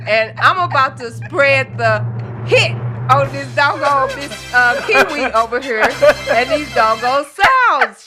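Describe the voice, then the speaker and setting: A woman co-hosting a live call-in show in casual chat, laughing and affirming her partner. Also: high voice. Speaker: co-host.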